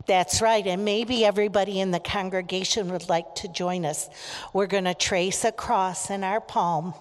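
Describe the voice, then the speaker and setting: A woman leading a children's message in a church service, asking the kids questions and leading call-and-response lines. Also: fairly low pitch. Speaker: children's ministry leader. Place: church sanctuary. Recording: long reverb of a church sanctuary.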